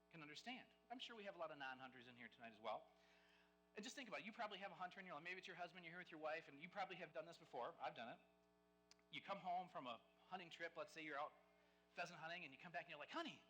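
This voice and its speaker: Fast-talking, bright-voiced male speaker. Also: on the high side, rough recording. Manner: animated, conversational storyteller with acted-out quotes. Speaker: guest speaker at a game dinner. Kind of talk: live storytelling speech to a dinner crowd.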